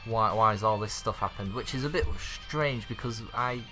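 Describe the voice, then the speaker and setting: A man with a fairly low but bright, sharp voice talks through an episode recap in a loose, rambling way. He leans on fillers and restarts. Soft guitar music plays faintly underneath. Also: normal speed. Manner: rambling, filler-heavy, chuckles often. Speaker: YouTube anime reviewer.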